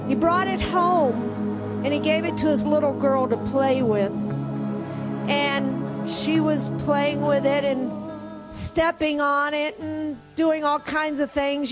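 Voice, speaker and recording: A woman preacher giving a sermon, telling a story and then asking the congregation fervent questions. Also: high voice.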